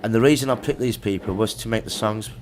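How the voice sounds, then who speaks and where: A middle-aged musician, appearing as a guest in a casual interview, talks fast in a low, slightly mellow voice. He tells chatty anecdotes full of slang and laughs, with slight background noise.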